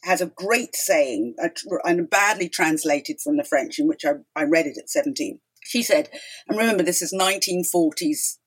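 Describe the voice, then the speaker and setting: Her voice is low and husky at a normal speed. She's a middle-aged woman and talk show host, here a guest in a storytelling interview, emphatically recounting events and animatedly acting out what people said.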